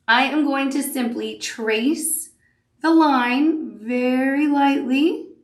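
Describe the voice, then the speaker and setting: A woman's voice: a little high, a bit bright. A woman giving a chatty, upbeat sewing tutorial while she works. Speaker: sewing instructor. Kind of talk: crafting tutorial. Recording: echoey room.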